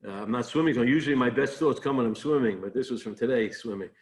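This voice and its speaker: Rabbi giving a daily talk. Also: male voice, medium pitch, fast talker. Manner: conversational, rising with emphasis, many restarts. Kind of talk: short daily sermon.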